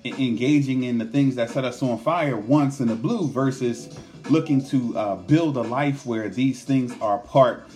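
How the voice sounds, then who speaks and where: A man's voice: medium pitch, measured pace, darkish tone, soft background music. A man giving an earnest motivational self-help talk, often repeating words and tagging his points with "right?". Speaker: motivational speaker.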